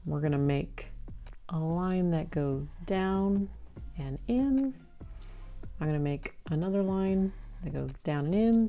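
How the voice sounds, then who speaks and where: A woman art teacher walks children through a drawing one slow step at a time, her voice low and gravelly. She keeps a gentle, patient manner, and soft music plays faintly behind her.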